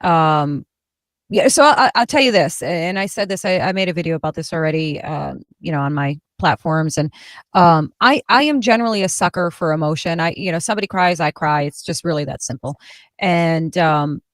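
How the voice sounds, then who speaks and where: A woman hosting a political talk show, speaking bluntly and sarcastically with animated emphasis. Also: low voice, moderate pace, no room sound. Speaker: host.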